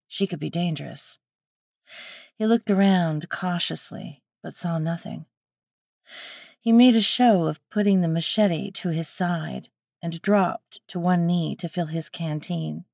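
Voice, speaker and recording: A woman narrating a scripted adventure story with a measured, steady reading. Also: lowish voice, vocal fry, no room sound, clean studio sound.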